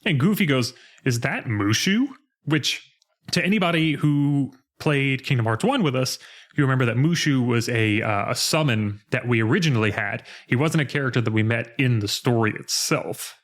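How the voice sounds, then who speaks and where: Animated man recapping a game. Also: medium pitch, moderate pace. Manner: animated, laughs, acts out quoted lines. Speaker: podcast co-host. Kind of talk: casual chat recapping a game.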